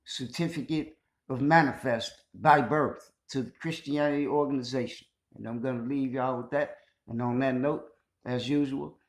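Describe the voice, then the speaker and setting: A man's voice: medium pitch, fairly even intonation, moderate pace. A man hosting a casual spoken monologue to his listeners, emphatic and conversational, often checking in with "you know what I'm saying". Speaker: host addressing listeners. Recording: echoey room.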